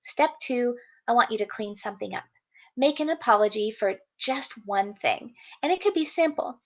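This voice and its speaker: A woman's voice: fairly high pitch, expressive, normal speed. A middle-aged woman, a relationship coach giving an upbeat, encouraging presentation at a wedding event. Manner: upbeat, encouraging, speaks directly to the audience.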